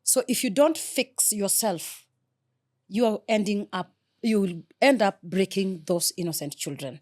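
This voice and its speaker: A woman's voice: mid-range voice, measured pace. A middle-aged woman, talking earnestly and with feeling as an interview guest. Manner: earnest, heartfelt, soft-spoken. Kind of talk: emotional interview talk.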